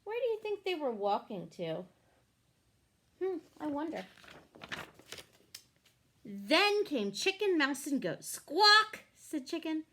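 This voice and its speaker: Lady reading a kids book out loud, bouncy high voice, asks the kids stuff. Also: takes it slowly, long pauses. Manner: animated, asks the listeners questions. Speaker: storyteller reading to children. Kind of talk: picture-book read-aloud.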